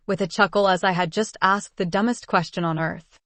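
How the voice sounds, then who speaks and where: A woman's voice: medium pitch, fairly quick, hardly any pauses, fairly bright tone, no room sound. A woman casually narrating a first-person story in an unpolished reading style.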